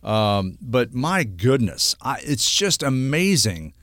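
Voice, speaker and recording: A middle-aged man hosting a talk radio show, speaking at a plain mid pitch. He talks earnestly and rambles, stopping and restarting often. His voice is close and dry in a studio. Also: very animated, slow pace, a bit bright, dry recording. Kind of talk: casual radio talk segment.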